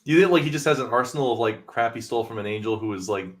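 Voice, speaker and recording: A man's voice: medium pitch, very fast. A man co-hosting a casual writers' room brainstorm, rambling, laughing often and acting out characters' lines. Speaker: podcast co-host.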